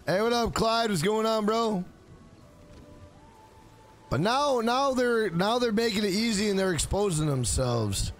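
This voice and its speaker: A man's voice: high voice, expressive, measured pace, long pauses, soft background music. A man live-streaming a video game, swearing often and greeting viewers in chat by name. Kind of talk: live gaming stream commentary.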